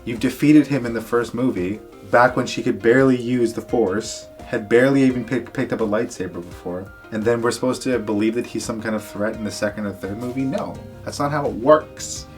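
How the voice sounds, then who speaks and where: Casting: mid-pitched male co-host, blunt wry reviewer, light music underneath. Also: a little fast, few pauses. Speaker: podcast co-host. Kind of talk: casual episode review.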